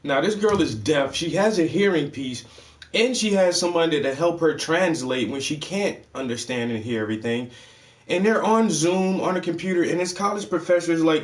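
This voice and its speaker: A man's voice: on the high side, normal speed, recorded from a distance. A man giving casual commentary as a vlogger, heated, slangy and full of profanity.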